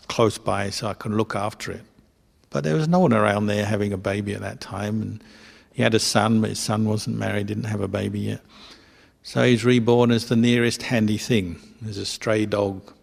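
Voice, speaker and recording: A man, a Buddhist monk, telling a teaching story at a retreat in simple, clipped, unhurried phrases. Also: on the low side, creaky, big-room sound. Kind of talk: storytelling dharma talk. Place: retreat hall.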